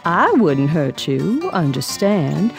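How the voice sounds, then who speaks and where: A man voicing a friendly female alligator from a children's educational video, folksy and gently cautioning kids. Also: a little high, sing-song, slow, vocal fry, soft background music, exaggerated voice. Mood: cautionary.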